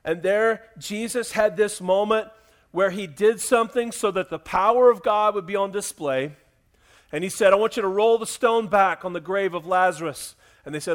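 A male pastor preaching in a church, moving from hushed pleading to loud, excited storytelling. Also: sits high, normal speed. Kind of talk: sermon.

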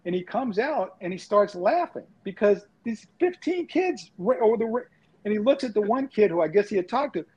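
New york guy, ex sportswriter, husky voice, muffled lo-fi sound, acts out the voices in his stories. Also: high-pitched, moderate pace. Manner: animated storyteller acting out voices. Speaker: former sportswriter. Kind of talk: casual storytelling in a podcast panel. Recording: dull lo-fi audio.

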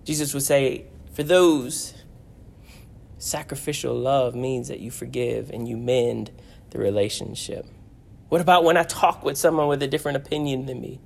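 A man's voice: mid-range voice, normal speed, vocal fry. Guy preaching a sermon, earnest, keeps repeating phrases for emphasis, voice rises and drops a lot. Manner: earnest, repetitive preaching with rising and falling emphasis. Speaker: pastor.

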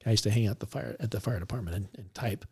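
A man, a police officer, recounting a story in a relaxed conversational way, laughing now and then as he talks. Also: lowish voice, fast, gravelly, slightly rough. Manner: animated, laughs while recounting.

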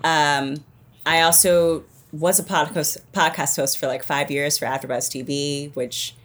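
A woman's voice: low-pitched, steady tone, a little slow. A woman chatting casually as a podcast guest, rambling and self-deprecating, laughing often. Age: born during the Cold War. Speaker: guest actress and former podcast host.

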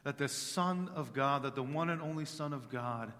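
A male pastor preaching a sermon during worship, rising to loud proclamation on scripture and sinking to soft, low tones in reflection. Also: moderate pace, hardly any pauses. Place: church sanctuary. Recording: long reverb of a large hall.

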